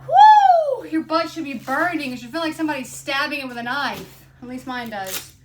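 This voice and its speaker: A woman's voice: sits high, brisk, heavy background noise. A young woman coaching a home workout in a blunt, chatty way, out of breath and counting reps aloud. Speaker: fitness instructor. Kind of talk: casual workout instruction.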